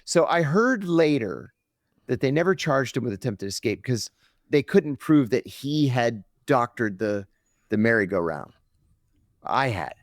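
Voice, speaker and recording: A middle-aged man, a podcast guest, telling a story with lively acted-out quotes on a close mic. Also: medium pitch, unhurried, no echo.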